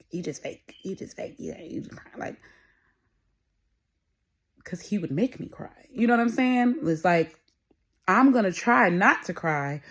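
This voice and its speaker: A young woman sits with her podcast audience and talks through things in a loose, rambling monologue. Her voice sits a little low, and she speaks with candid, unpolished frankness. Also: a little mellow. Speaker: podcast host. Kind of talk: casual solo monologue.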